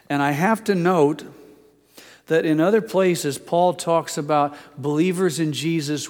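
An older pastor with a high-leaning, darkish voice relates a story from his own life mid-sermon. His delivery is chatty and self-deprecating, and there's long reverb from the hall.

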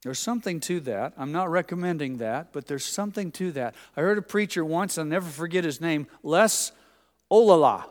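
A man's voice: fairly high pitch, lively intonation, fairly quick, few pauses. A man preaching a sermon, telling folksy stories and acting out the people he quotes. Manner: folksy, anecdotal, acts out quoted voices. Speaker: pastor. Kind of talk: sermon with storytelling. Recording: long hall reverb.

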